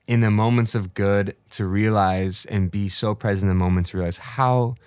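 A man's voice: fairly low pitch, level tone, brisk, a little mellow, clean tone, dry recording, studio quality. A man in his late twenties talking casually and reflectively, telling stories with many fillers. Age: late 20s. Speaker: guest. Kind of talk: casual conversation.

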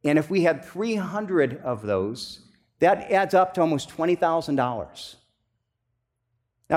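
Guy pastor preaching, slightly high voice, chatty and loose, lots of um and restarts, gets emphatic. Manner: conversational, many restarts and fillers, rising to emphatic bursts. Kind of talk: sermon.

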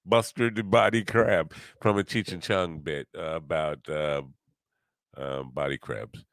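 Deep-voiced older man hosting a podcast. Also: fairly even intonation, fairly bright tone, no echo. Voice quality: rambling, halting, self-deprecating. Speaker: podcast host. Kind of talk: casual chat.

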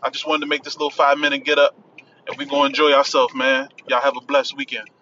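A man's voice: medium pitch, completely flat delivery, fast talker, sharp tone, lo-fi sound. A man with a Washington, D.C. accent hosting a podcast from inside his car, chatting loosely and repeating himself. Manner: loose, repetitive, keeps saying "man". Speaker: podcast host. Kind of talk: casual promo chat. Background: faint vehicle noise.

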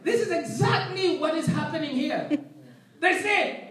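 High-voiced preacher in an echoey room. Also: male voice, moderate pace, a bit bright, recorded from a distance. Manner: emphatic, repeats phrases, calls for response. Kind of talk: sermon.

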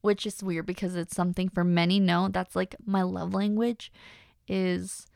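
Chatty young woman with gravelly fry. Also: fairly low pitch, moderate pace, no echo, studio quality. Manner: chatty, frequent fillers like "um" and "like"; faith-centered, animated asides. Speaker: podcast host. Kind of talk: casual personal monologue.

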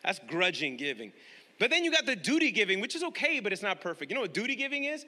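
A man preaching a sermon with a high, very bright voice that carries a long reverb, as if from a large hall. He hammers his points by repeating them and keeps asking the congregation questions. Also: sing-song, quick pace. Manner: emphatic, repeats key phrases, questions the congregation directly. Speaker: pastor.

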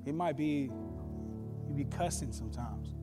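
A man preaching a sermon, telling stories in an animated way with bursts of shouting. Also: mid-range voice, normal speed. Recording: long reverb with faint music.

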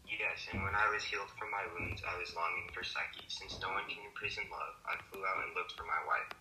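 A man's voice: sits low, little pitch movement, a little fast, natural voice. A man voicing Cupid, the young male god of love, in an amateur read-aloud role-play, reading his lines earnestly. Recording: echoey room with faint hiss.

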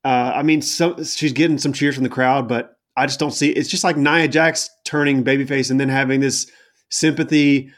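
A man's voice: medium pitch, steady tone, normal speed. A man co-hosting a podcast, recapping in a casual, rambling and exasperated way with many fillers and mocking asides. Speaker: podcast co-host. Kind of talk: casual chat recapping a wrestling show.

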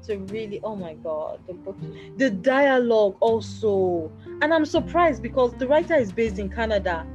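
A woman's voice: fairly high pitch, animated, normal speed, a little mellow. A young woman with a Nigerian accent hosting a podcast, chatting animatedly about books with laughter and trailing asides. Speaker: podcast host. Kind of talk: casual chat about books. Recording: dull lo-fi sound with faint music.

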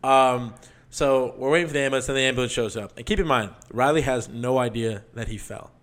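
A man's voice: mid-range voice, fairly quick, a bit bright. A man telling a dramatic personal story in casual chat, rambling with lots of "like" and restarts, emotional enough to get choked up. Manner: rambling, heavy use of "like", restarts often.

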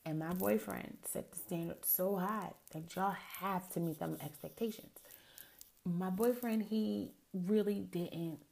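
A woman's voice: fairly low pitch, fairly even intonation, a little slow, vocal fry, a little mellow. A middle-aged woman hosting a podcast alone, telling personal stories in a chatty way, with many asides to her listeners. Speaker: podcast host. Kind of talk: casual solo podcast monologue.

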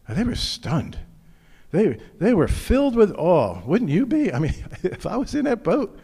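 Earnest pastor preaching in a reverberant hall. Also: male voice, wildly swooping pitch, normal speed, creaky, dark tone, slightly rough. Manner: earnest and personal, drops his voice low for confessions. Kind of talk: sermon.

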